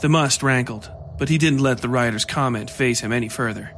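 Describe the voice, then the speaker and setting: A man reading a horror story aloud as its storyteller, in a measured, steady way. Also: medium pitch, faint music behind. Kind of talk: scripted horror narration.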